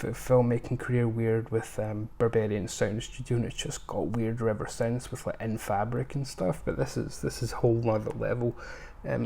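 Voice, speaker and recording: Rambling gravelly-voiced man. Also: mid-range voice, a little mellow, a little hiss or hum. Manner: rambling, with many ums and restarts. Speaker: film collector reviewing his purchases. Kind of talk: casual unscripted haul review.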